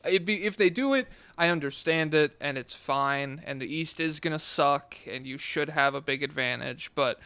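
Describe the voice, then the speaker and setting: A young man talks sports on a podcast in a smooth, clean voice that sits a touch higher than most men's. He argues his points with animation and swears casually. The sound is close and dry. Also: moderate pace, hardly any pauses, sharp tone, no room sound. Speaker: podcast co-host.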